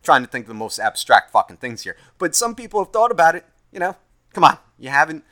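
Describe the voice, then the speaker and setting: A man's voice: a little high, sing-song, quick pace, sharp tone. A young man ranting in a profane, rambling, self-mocking monologue, tired after a long day. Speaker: podcast host.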